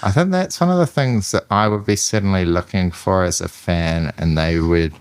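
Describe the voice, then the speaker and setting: A podcast host with a New Zealand accent talks in a very low voice. He is earnest and enthusiastic and rambles a little. The sound is dry and close to the mic. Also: normal speed, smooth, no room sound. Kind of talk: casual chat.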